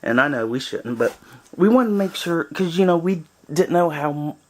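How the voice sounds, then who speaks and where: A man's voice: a little high, animated, normal speed, darkish tone. A man chatting casually to a camera from a small cabin in the woods, rambling with lots of fillers. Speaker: vlogger on a cabin trip.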